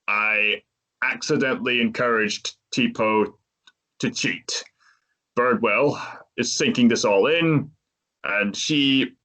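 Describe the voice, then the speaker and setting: A man's voice: medium pitch, pushed and bright. A man hosting a podcast, retelling a movie's plot in a casual, chatty way and laughing often. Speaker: podcast host.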